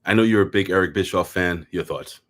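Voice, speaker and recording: Deep-voiced excitable American host. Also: male voice, brisk. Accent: Boston. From USA. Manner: excitable, repeats words, swears casually. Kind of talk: casual chat. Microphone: video call.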